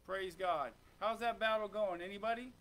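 A man's voice: high-pitched, normal speed, a bit bright. A man preaching a sermon to his congregation, fervent, questioning the listeners and waiting for their answers. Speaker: pastor. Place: church sanctuary.

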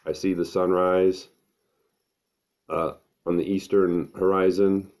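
A middle-aged man, talking to camera at home in an unhurried, earnest, thinking-aloud way. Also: sits low, level tone, darkish tone. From American Midwest. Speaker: vlogger. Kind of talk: casual to-camera monologue.

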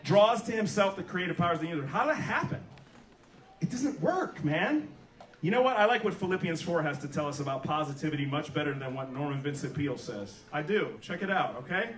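A man's voice: fairly high pitch, expressive, a little fast, a bit bright, a little hiss or hum. A man preaching a sermon with call-and-response, checking in with the congregation and asking for amens. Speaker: pastor. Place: church sanctuary. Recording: roomy church room, mic at a distance.

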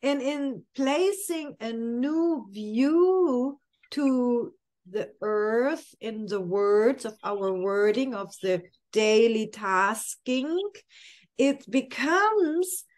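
Woman co-host, high voice, unhurried, effusive and appreciative in spiritual talk. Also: animated, a little mellow. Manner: effusive and appreciative, repeats phrases. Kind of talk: spiritual conversation.

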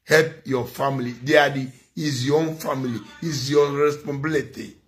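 A man with a Nigerian accent delivers a preachy vlog rant. He scolds and lectures, repeating words again and again to drive each point home. His voice sits at an ordinary, middle pitch. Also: steady tone, normal speed. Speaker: commentator. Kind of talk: ranting vlog commentary.

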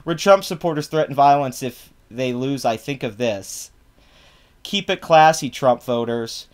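A man's voice: unhurried, smooth. A man ranting in a mocking, profane commentary, reacting to posts online. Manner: mocking, profane, loud swings in pitch. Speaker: political commentary vlogger.

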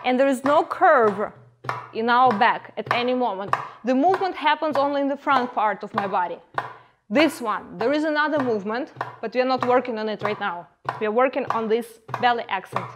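A woman teaching a belly dance class, giving calm step-by-step coaching cues and counting the moves. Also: a little high, brisk, background noise. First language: Ukrainian. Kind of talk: guided dance class instruction.

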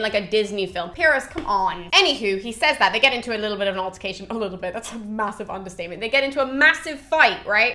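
A woman's voice: mid-range voice, sharp tone. Chatty young woman retelling a myth. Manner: chatty, irreverent, acts out quotes with mild swearing. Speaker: mythology explainer. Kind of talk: casual storytelling retelling of an epic.

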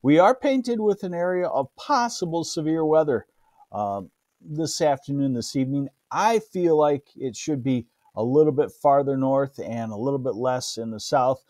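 A man's voice: medium pitch, expressive, normal speed, mellow, no echo. A man with a Midwestern American accent giving a casual live weather forecast as a meteorologist, greeting viewers by name along the way.

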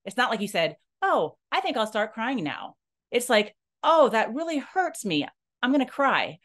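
A woman telling her own story in an emotional personal monologue. She is earnest and halting, restarts her sentences often, and rises and falls in pitch as she speaks. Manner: animated, rising and falling in pitch. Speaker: nonprofit leader sharing a personal story.

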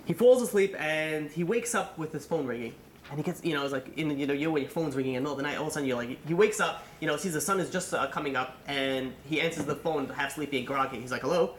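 A man, a rabbi, telling a long story in a sermon, animated and full of fillers, acting out the people in it. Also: on the high side, fast talker, reverberant, slight background noise. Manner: animated, acts out quotes, many fillers.

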